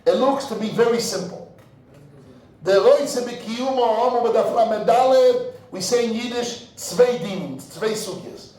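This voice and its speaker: A man teaches Talmud in a very echoey room, his voice pitched unusually high. He works through the text aloud, switching between English and Hebrew and Yiddish terms and repeating words as he searches for the next thought. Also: measured pace, warm tone. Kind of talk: in-depth Talmud lecture.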